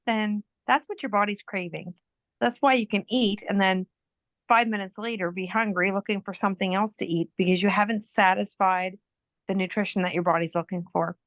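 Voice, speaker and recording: A woman's voice: mid-range voice, dry recording. Woman rambling through a casual explanation. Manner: rambling, filler-heavy explaining. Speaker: participant on a product call. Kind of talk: casual group call.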